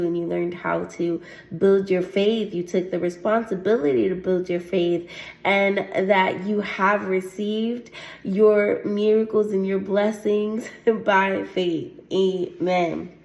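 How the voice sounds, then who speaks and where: A woman at a middle pitch preaches a heartfelt teaching sermon and reads scripture aloud. She punctuates her points with frequent "Amen"s and soft laughs. The room around her is echoey. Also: vocal fry. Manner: earnest, repeats "Amen" often, laughs lightly. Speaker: host of a faith testimony show.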